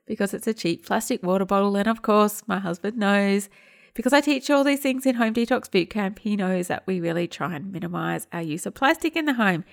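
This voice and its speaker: A woman in her thirties, a podcast host who also teaches home detox, tells a family story in a casual, chatty style. Her mid-range voice is fairly quick and creaky, and she acts out the quoted dialogue.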